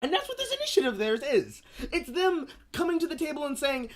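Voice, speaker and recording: A woman streamer ranting in casual commentary, profane and animated, often slipping into mocking voices. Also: high voice, quick pace, few pauses.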